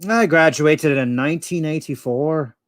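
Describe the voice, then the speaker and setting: A man puts on the voice of a proud, easygoing Irishman, pitched above his own natural voice. It sounds a little high and a little slow, with clean studio sound and no room sound.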